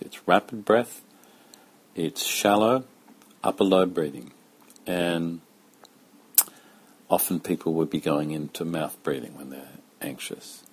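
A man giving a slow, calm spoken lesson as a yoga teacher, talking in a measured, deliberate way with pauses. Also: low-pitched, slightly rough.

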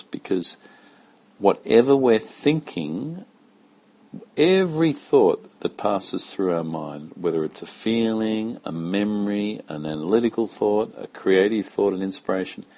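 A man with a very low, husky voice gives a spoken yoga lesson. He talks slowly and calmly, with deliberate pauses between phrases. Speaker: yoga teacher. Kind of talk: slow, measured spoken lesson.

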